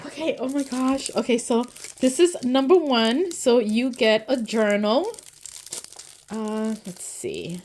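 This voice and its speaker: A woman hosting an unboxing video, gushing and excited, sometimes dropping to a soft whisper as she opens items. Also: fairly high pitch, slow, slight background noise. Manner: gushing, excitable, often says "so stinking cute". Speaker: unboxing channel host. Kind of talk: casual unboxing narration.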